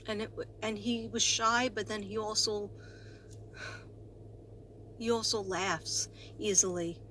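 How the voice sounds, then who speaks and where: A woman psychic talking to camera, earnest and halting, with many fillers and restarts as she passes on spirit messages. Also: mid-range voice, a bit bright, a little hiss or hum. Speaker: psychic medium and tarot reader. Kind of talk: slow talk to camera, reading spirit messages.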